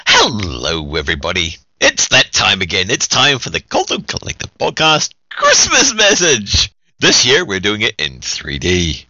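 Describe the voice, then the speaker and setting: A man's voice: fairly low pitch, huge pitch swings, a little slow, sharp tone, no room sound, lo-fi sound. A man giving a joking, tipsy holiday greeting as a podcast guest, giggly and singsong.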